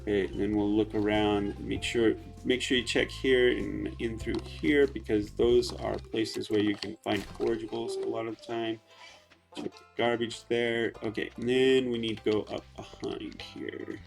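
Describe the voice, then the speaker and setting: Gravelly man chatting over gameplay. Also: on the low side, moderate pace, soft background music. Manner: relaxed, chatty, hesitant. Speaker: let's play host. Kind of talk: casual gameplay commentary.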